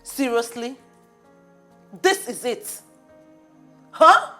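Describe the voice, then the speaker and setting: A woman's voice: fairly high pitch, expressive, extremely slow, sharp tone, faint music behind, full character voice. An actress with a Nigerian accent playing an outspoken woman who scolds her friend with incredulous questions. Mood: scolding.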